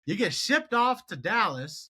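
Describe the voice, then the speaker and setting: A young man in his twenties runs a solo sports show with high, bright energy. His pitch swings widely as he runs through scores and vents his exasperation in a lively rant. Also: measured pace, a little hiss or hum. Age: 20s. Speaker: podcast host.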